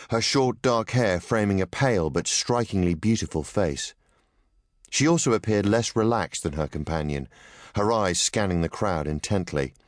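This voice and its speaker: Deep-voiced man reading an audiobook in a dry booth, smooth and even. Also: no room sound. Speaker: audiobook narrator. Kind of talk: scripted narration.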